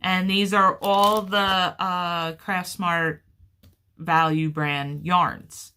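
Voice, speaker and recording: A woman talks through a crochet-along in a relaxed, unhurried way, often gushing over the yarn and colors. Her voice is bright and lively in tone, and she keeps the chat casual and warm-hearted. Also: on the low side, slight background noise. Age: adult with children. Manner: chatty, gushing and upbeat. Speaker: crochet vlogger.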